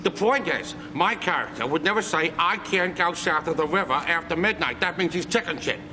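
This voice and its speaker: A man's voice: a little high, lively intonation, fairly quick, in a large hall, background noise, voice pushed up, natural voice. A man playing a vain, argumentative male American film star who keeps objecting to his lines. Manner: self-important, argumentative.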